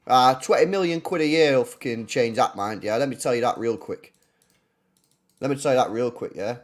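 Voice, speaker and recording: A man's voice: medium pitch, expressive, fairly quick, a little mellow. A man hosting a casual football livestream, blunt and profane, often repeating himself. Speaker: football channel host.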